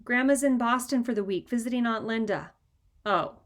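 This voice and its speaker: Storybook voice, a woman playing a gentle mother, calm, reasonable. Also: on the high side, moderate pace, lightly acted. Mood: reasoning.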